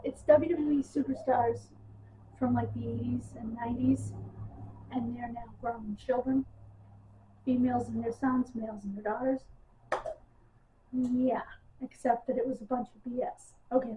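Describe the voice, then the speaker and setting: Woman, higher voice, casual sarcastic rant, lots of ums, thin phone-like sound. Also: a little hiss or hum. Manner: exasperated, sarcastic, many ums. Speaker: wrestling news vlogger. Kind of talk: casual ranting monologue. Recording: tinny phone-like audio.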